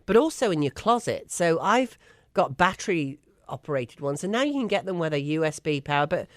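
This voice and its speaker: An Englishwoman with a low, sing-song voice co-hosts a casual chat show, speaking briskly with emphatic enthusiasm. She's chatty and laughs often, and the recording is dry.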